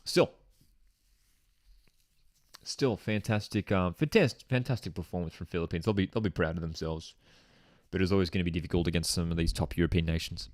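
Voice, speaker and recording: A man hosting a live football watchalong, reacting to goals with excitement and chatting to viewers as he reads their comments aloud. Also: low voice, brisk, no room sound, clean studio sound.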